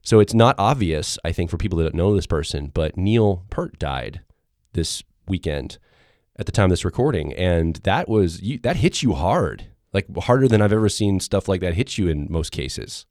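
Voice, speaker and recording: Male podcast co-host, very low and hoarse, worn-down voice, easygoing casual chat, dry close sound. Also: animated, moderate pace, a little mellow, no room sound. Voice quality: deep rough voice. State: hoarse, run-down voice.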